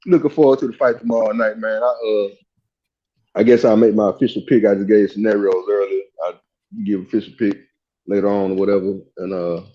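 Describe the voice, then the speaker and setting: A man's voice: on the low side, fairly even intonation, brisk, dull audio. A man on a podcast chatting loosely about an upcoming fight and signing off casually. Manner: laughing, trash-talking then easygoing. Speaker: podcast guest.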